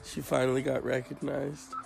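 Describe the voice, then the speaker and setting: A man hosting a casual chat, rambling and crude in a deadpan way. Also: mid-range voice, moderate pace, creaky, faint music behind, rough recording.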